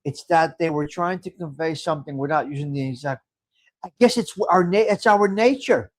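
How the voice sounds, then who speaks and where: A man's voice: on the high side, brisk. A middle-aged man hosting a casual livestream, reading viewer comments and chatting in a rambling way with frequent laughs. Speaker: livestream host.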